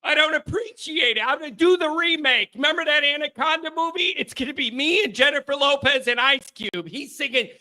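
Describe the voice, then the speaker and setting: Hyped up guy hosting a live fan stream, high bright voice, loud and jokey. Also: brisk, hardly any pauses. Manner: rowdy and excitable, jokey, shouts bits for effect. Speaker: host of a fan call-in show. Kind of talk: live-stream chat, reading fan comments.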